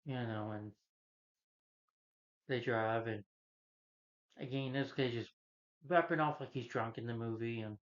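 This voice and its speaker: A man in the middle of a loose, rambling movie review, working through the plot with fillers at every turn. His voice sits at an ordinary middle pitch. The recording has a slightly muffled, lo-fi quality. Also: unhurried, pauses often. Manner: loose, meandering retelling with many fillers. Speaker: film reviewer.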